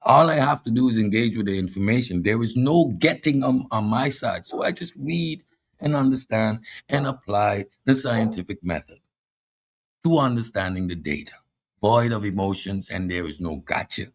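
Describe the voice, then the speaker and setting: A man's voice: fairly low pitch, animated, normal speed. A man with a Caribbean accent hosting a combative philosophy monologue, boastful and mocking toward his audience. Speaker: host.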